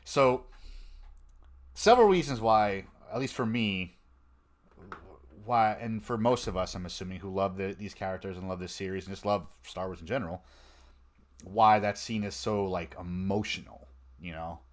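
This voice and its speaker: Casting: male podcast host, slightly low voice, excitable casual chatter. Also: normal speed, long pauses. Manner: excitable, laughs often, many fillers. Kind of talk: casual fan podcast chat.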